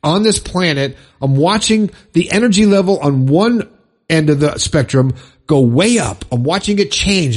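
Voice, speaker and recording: Fired-up husky man preaching. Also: a little high. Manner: fired-up, preachy, repeats phrases for emphasis. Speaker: podcast host. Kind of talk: impassioned motivational monologue.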